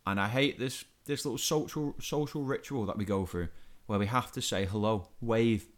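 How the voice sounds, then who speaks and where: A young man co-hosting a podcast rants in exasperation, stumbling over repeated words in a casual comedic rant. His voice is on the low side and he talks at normal speed.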